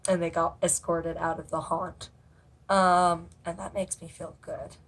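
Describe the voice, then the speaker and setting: Rambling, cussing woman with a lowish voice. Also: flat delivery, a little slow, slightly rough. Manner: rambling, swears freely, lots of fillers. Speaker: haunted house actor. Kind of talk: casual storytelling vlog.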